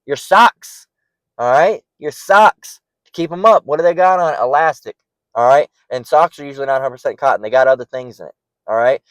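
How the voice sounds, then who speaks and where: A man's voice: mid-range voice, brisk, dry recording, low-quality recording. Blunt man teaching scripture, dry sound. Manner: emphatic, keeps checking in with "all right?"; blunt and mocking. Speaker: bible teacher. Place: near a parking lot.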